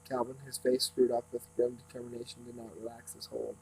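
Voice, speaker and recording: A man reading a novel aloud at a steady pace, with small slips and restarts. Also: medium pitch, a little fast, creaky, slight background noise, low-quality recording. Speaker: reader.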